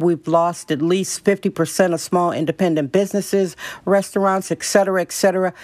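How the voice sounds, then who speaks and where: A blunt, opinionated woman in middle age talks straight to her podcast listeners, telling a story in a chatty monologue. Her voice sits on the low side for a woman. The sound is dry and close, with no room echo. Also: a little mellow. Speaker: podcast host.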